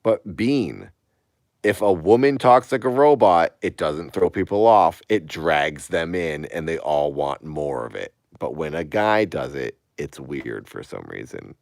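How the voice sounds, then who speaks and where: A man's voice: low voice, expressive, unhurried, no room sound, studio quality. A man in his late thirties chatting casually on a live stream, rambling and growing emphatic and incredulous. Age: 30s.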